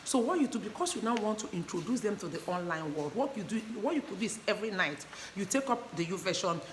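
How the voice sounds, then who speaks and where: A woman's voice: mid-range voice, fairly bright tone. A woman teaching parents in an earnest, repetitive way, often asking her listeners whether they understand. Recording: echoey room with faint background noise.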